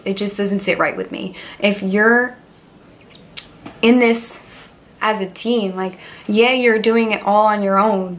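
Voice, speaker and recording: A woman in her twenties talking candidly to camera in a personal vlog, rambling and heartfelt, with lots of fillers. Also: medium pitch. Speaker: beauty vlogger.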